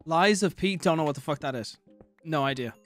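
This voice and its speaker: A man's voice: a little high, fairly quick, faint music behind. A young man livestreaming a game, chatting casually, swearing and thanking viewers for donations. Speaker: streamer. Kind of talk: casual livestream chat while gaming.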